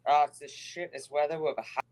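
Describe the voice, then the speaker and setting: A woman's voice: sits low, steady tone, fast talker, a little mellow. A woman chatting bluntly on a video call. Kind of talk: casual chat.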